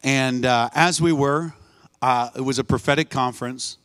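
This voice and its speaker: A man preaching a sermon in a church, telling a story with lively voices and calling out for the congregation's response. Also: medium pitch, normal speed, clean tone. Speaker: guest preacher. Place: church sanctuary, live service.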